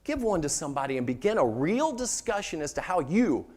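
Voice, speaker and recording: A man giving an inspirational stage talk to an audience, joking with the crowd and turning hushed and tender when telling a story. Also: on the high side, big pitch swings, brisk. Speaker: motivational speaker, former sports mascot performer.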